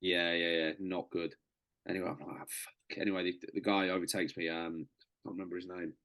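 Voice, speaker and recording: A man's voice: sits low, flat delivery, brisk, a bit bright. A man, a podcast guest, telling a casual story in a chatty way, swearing and calling the host "mate".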